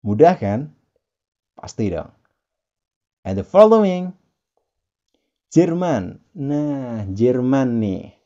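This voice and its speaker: An English teacher, running a pronunciation lesson, repeating each word slowly and emphatically, with playful chatty asides. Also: mid-range voice, sing-song, dark tone, muffled recording. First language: Indonesian. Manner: slow, emphatic repetition of words. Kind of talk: pronunciation lesson, drilling words.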